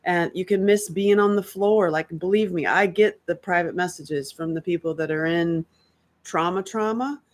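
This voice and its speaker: A woman's voice: fairly low pitch, moderate pace. A woman giving a casual, unscripted self-help talk as a workbook author, candid and emotional, rambling with many fillers and restarts.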